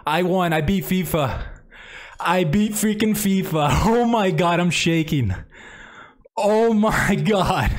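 A man's voice: high voice, big pitch swings, very slow, faint music behind. A man streaming a video game live, talking casually and enthusiastically to his chat from home. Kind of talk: live gameplay commentary.

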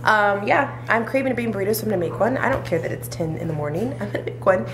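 A woman's voice: medium pitch, fast, noisy background. A young woman and mother chatting casually to camera, laughing often and talking sweetly to her kids. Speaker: vlogger, mother. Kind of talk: casual vlog chat.

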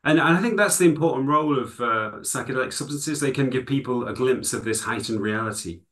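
A man's voice: mid-range voice, fairly quick, a bit bright. A man from England, a guest in an interview, explaining his ideas in a thoughtful, conversational way with frequent "you know" fillers. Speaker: guest, psychology lecturer and author.

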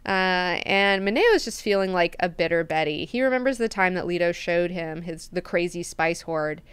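Chatty lady recapping a book, lots of likes and ums, smooth voice, dry sound. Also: on the low side, lively intonation, normal speed, dry recording. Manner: chatty, lots of fillers, swears freely. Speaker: book club host.

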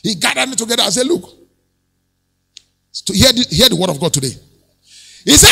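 A pastor delivers a sermon in a high, animated voice that swings from shouts to hushed asides. His tone is gravelly and husky, with a bright, sharp edge. The sound carries the long reverb of a large church hall. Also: normal speed, pauses often. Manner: preaching with shouted peaks and sudden drops to near-whisper.

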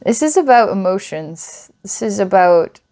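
A woman's voice: medium pitch, very animated, unhurried, darkish tone. Earnest, rambling woman psychic reader. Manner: rambling, earnest, frequent restarts and laughter. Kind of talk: recorded psychic reading for a client.

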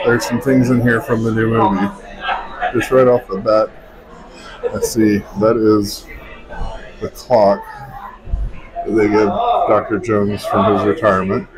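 A man hosting a casual food review vlog, chatty and easygoing, sometimes talking while eating. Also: on the low side. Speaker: vlog host. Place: busy theme park bar. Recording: noisy crowded bar. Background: loud crowd chatter.

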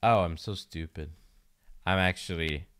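A man's voice: sits low, unhurried, fairly bright tone, clear, resonant tone. A man streaming himself playing a game, chatting casually, mocking himself and swearing now and then.

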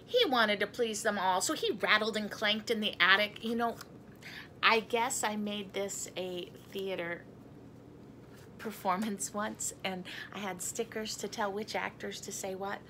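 A woman's voice: medium pitch, a little slow, sharp tone, slight background noise. A woman reading a picture book aloud in a chatty manner. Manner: chatty, breaks off to talk to her cat and laugh. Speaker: storybook reader.

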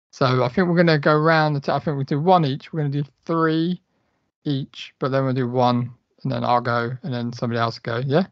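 A man co-hosts a podcast in casual chat, enthusiastic and a bit rambling, laughing often. His voice sits slightly high, and the recording is dry and somewhat muffled. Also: no echo. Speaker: podcast co-host.

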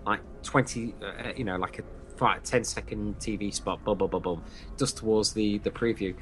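A man's voice: on the low side, fairly even intonation, normal speed, a bit bright, a little hiss or hum. A man co-hosting a fan podcast, chatting enthusiastically, repeating himself with plenty of fillers. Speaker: podcast co-host. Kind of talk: casual podcast chat.

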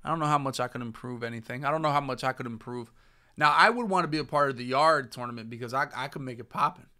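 Bright and forceful, this young man's medium-pitched voice moves quickly as he hosts a gaming podcast. He streams and chats casually, trading playful trash talk.

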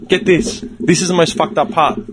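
A man's voice: a little high, moderate pace, a little hiss or hum. A man hosting a podcast, telling a long story in casual chat, swearing and acting out the people in it. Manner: animated, swearing, acts out the people in his story. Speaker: podcast host.

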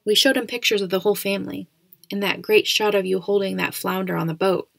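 A protective, easygoing father who speaks softly, read by a woman in a storybook reading. Her voice has a gravelly edge, and the sound is dry and close. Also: medium pitch, little pitch movement, quick pace, no room sound. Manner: soft, soothing.

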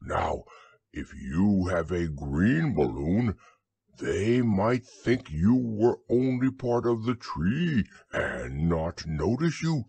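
A man voicing a gentle, slow-thinking teddy bear in a bedtime audiobook, musing and earnest. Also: low-pitched, very animated, gravelly, slightly rough, no echo, exaggerated voice.

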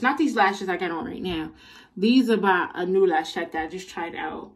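A young woman vlogger telling a casual storytime in an animated, slangy, exasperated way. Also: on the low side, normal speed, recorded from a distance.

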